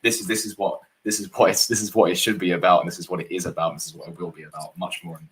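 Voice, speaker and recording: A man with a very low voice talks casually about his writing projects. He rambles and halts, restarting his phrases often. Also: flat delivery, fairly bright tone, slight background noise. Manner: rambling, halting, many restarts. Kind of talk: casual chat.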